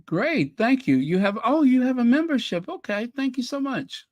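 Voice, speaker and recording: A man's voice: very high voice, very animated, normal speed, dry recording, dull audio. A man hosting a casual livestream, reading viewers' messages aloud in a chatty, apologetic way and laughing nervously. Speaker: channel host reading live chat.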